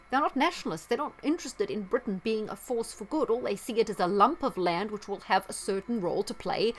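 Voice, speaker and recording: A woman's voice: mid-range voice, fairly quick, few pauses. Indignant woman vlogger, sarcastic and emphatic, mid-range voice. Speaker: astrology vlogger. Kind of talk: sarcastic commentary vlog.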